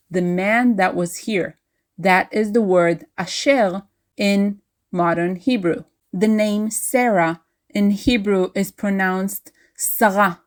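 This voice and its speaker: A woman's voice: mid-range voice, darkish tone. A woman teaching a Hebrew lesson, carefully spelling out and repeating pronunciations. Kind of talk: slow, careful language lesson.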